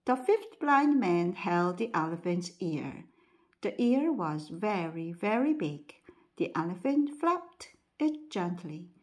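A woman reading a bedtime story aloud. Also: fairly low pitch. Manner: slow, lively storybook reading.

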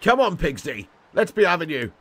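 Playing a football video game on stream, this young man chats cheekily with his audience, throwing in swears and calling people "mate" and "legend." His voice sits a little high, swings widely in pitch, moves a bit fast and sounds fairly bright, with no echo.

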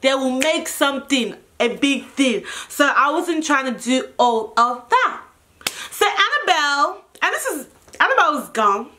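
A young woman vlogger telling a story in a casual storytime, animated and expressive and swearing freely. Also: sits high, unhurried, slight background noise.

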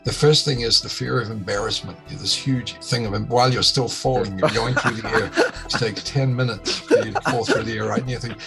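A man telling a long, lively anecdote as a guest, acting out the voices of the people in it. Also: medium pitch, fairly quick, gravelly, few pauses, music in the background. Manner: animated storyteller acting out quoted voices. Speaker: guest, former key grip.

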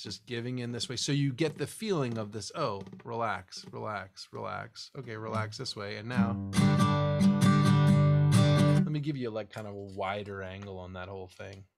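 A man teaching a guitar lesson one-on-one, explaining technique as he demonstrates, swinging between lively stressed phrases and quiet asides. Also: medium pitch, normal speed. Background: guitar strumming.

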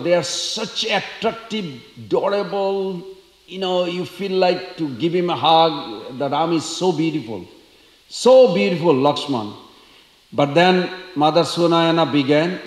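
A man giving a storytelling lecture at a temple, acting out the voices of the characters with lively energy. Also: fairly high pitch. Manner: animated, acts out quoted characters. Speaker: temple speaker. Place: temple hall. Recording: echoey temple hall.

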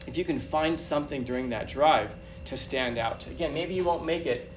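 A man giving a talk to an audience, telling animated personal stories with a chatty, repetitive manner. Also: medium pitch, normal speed, soft background music. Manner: animated, chatty, repeats phrases. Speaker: guest speaker. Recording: distant mic with background noise.

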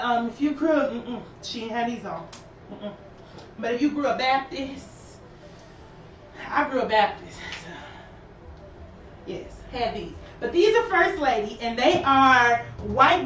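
A young woman with a high, animated voice chats straight to her live viewers while showing off shoes. She sounds a little out of breath. The recording is dull and lo-fi, with her voice set back from the mic in an echoey room. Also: far from the mic, slight background noise. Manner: chatty, animated, talks to viewers. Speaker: shoe store host. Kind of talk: casual live-stream sales chat. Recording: roomy and lo-fi, voice from off-mic.

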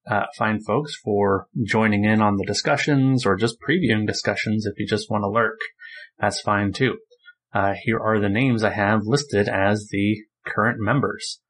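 Husky low-voiced man, rambling host. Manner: relaxed, rambling with fillers. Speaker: podcast host. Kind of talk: casual chat.

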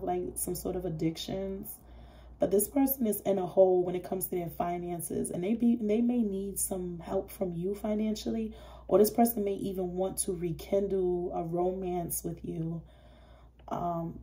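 A woman giving a casual tarot reading in a blunt, animated way, swearing freely. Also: medium pitch. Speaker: tarot reader.

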